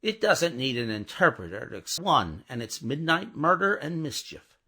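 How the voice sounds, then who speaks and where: A man's voice: a little high, sing-song, moderate pace, sharp tone, slightly rough, pitched above the performer's own voice, exaggerated voice. A man doing a frightened young wife. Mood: pleading.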